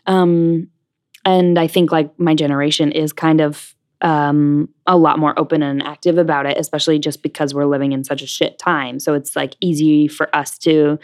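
A young woman talks freely as an interview guest, piling in fillers as she goes. Her voice sits low for a woman. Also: level tone, normal speed, a little mellow. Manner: chatty, lots of fillers. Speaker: interview guest, stage actress. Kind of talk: casual interview chat.

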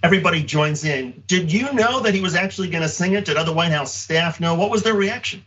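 A man's voice: fairly high pitch, fast, a bit bright, far from the mic, highs cut off. A man hosting an interview, asking long, rambling questions full of fillers. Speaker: host. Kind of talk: interview host.

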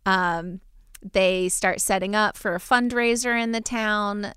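Wry woman podcast host, smooth and dry. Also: mid-range voice, unhurried, fairly bright tone, no echo. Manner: wry, laughs often, runs the segments. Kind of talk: casual movie recap chat.

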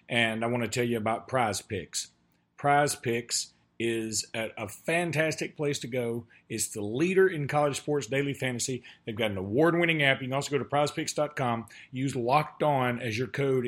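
A man's voice: medium pitch, fairly bright tone. A man reading sponsor ads for a podcast from a hotel room, loose and joking. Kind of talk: ad read.

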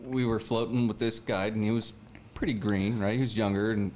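A young man tells a fishing story in a relaxed, slangy way, getting animated as he acts out the voices of the people in it. A faint hum of noise sits behind his voice. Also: lowish voice, fairly quick. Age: young adult. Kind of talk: casual chat.

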